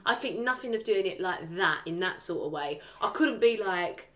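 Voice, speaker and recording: A woman co-hosting a podcast, chatting frankly in a relaxed, slangy way. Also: lowish voice, moderate pace. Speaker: podcast co-host. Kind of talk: casual chat.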